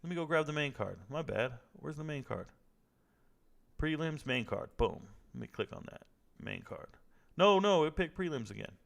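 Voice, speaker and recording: A man's voice: a little high, lively intonation, moderate pace, creaky. A young man hosting a casual live stream, joking and trash-talking as he reads viewer comments. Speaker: livestream host reacting to fights.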